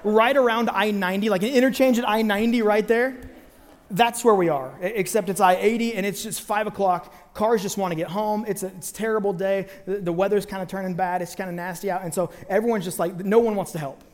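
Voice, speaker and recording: A man preaching through a personal story, with a high-pitched voice. He tells it with animated energy and pops in and out of the voices of the people he quotes. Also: a little fast, big-room sound. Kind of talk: sermon storytelling.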